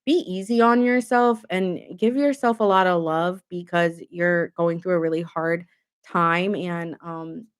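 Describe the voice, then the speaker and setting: A woman's voice: fairly low pitch, steady tone, unhurried, clean tone. A young adult woman giving a casual tarot reading to camera, talking emphatically with lots of filler words and open indignation. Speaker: tarot reader.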